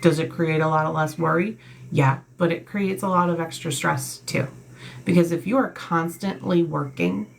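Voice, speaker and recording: A woman's voice: sits low, creaky, a little hiss or hum. A woman giving a casual tarot card reading, reading card meanings aloud and breaking off to talk bluntly and emphatically, swearing freely. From Italian heritage. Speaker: tarot reader.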